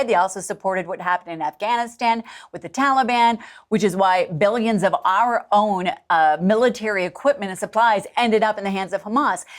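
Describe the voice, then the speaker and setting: A woman with a Middle American accent co-hosting a political talk show, animated and repeating phrases for emphasis. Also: medium pitch. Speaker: co-host.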